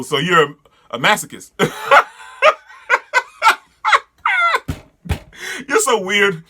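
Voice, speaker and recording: Excitable bright-voiced man reacting to manga. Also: a little high. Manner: excitable, laughs and stumbles over names. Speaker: manga reader and reviewer. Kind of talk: casual reaction readthrough.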